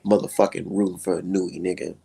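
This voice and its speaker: Gravelly, husky-voiced man ranting. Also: flat delivery, fairly quick, mellow. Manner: heated, profane, swinging pitch. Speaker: live-stream host. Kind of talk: profane live-stream rant.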